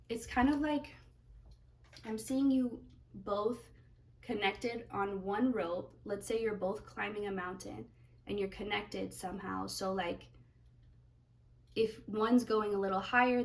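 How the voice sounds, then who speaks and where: A woman's voice: mid-range voice, gravelly, far from the mic, poor audio. A woman giving a pick-a-card tarot reading, talking in a rambling way as she searches for words. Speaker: tarot reader.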